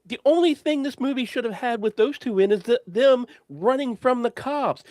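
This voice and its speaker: A man's voice: very high voice, expressive, normal speed, hardly any pauses, a little mellow, dry recording. A man co-hosting a casual film review chat, profane and mocking, laughing often. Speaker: podcast co-host.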